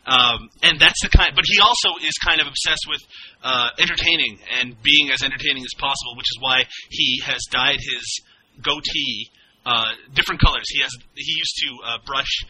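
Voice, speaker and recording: A man's voice: mid-range voice, moderate pace, pushed and bright, husky, poor audio. A man, a filmmaker, chatting casually about his movie in a rambling way and laughing often. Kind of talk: casual film commentary.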